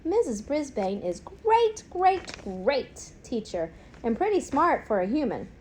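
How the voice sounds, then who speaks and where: A woman reading a children's storybook aloud in an expressive, unhurried way. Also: sits high, slight background noise. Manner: expressive, unhurried, with gasps and sudden bursts. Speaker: narrator.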